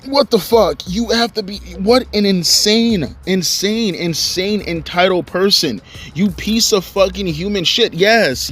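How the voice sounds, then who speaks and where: A man's voice: high voice, breathy edge. Furious profane man ranting outdoors. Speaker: online commentator. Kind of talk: angry rant vlog. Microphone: cell phone.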